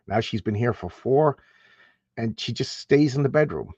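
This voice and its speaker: A man's voice: mid-range voice, lively intonation, normal speed, darkish tone, slightly rough, dry recording, lo-fi sound. A man hosting a casual live stream, rambling and stammering as he repeats words. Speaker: host.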